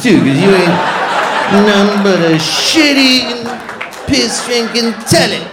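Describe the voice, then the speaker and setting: A man's voice: high voice, reverberant, background noise, voice pushed up, full character voice. A man voicing a crude guy who gloats and hurls taunts at his toilet while peeing.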